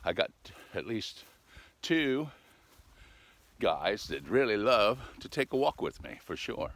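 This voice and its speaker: An older man with a fairly low voice rambles along in a folksy, chatty way, his pitch rising and falling with lively swings. He talks casually to a camera set up outdoors on a cold day. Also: slow pace. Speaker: vlogger. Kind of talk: casual outdoor vlog chat.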